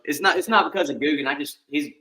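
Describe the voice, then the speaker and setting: A man's voice: a little high, fast, sharp tone, echoey room, low-quality recording. A man on a podcast giving short, hesitant answers in casual chat.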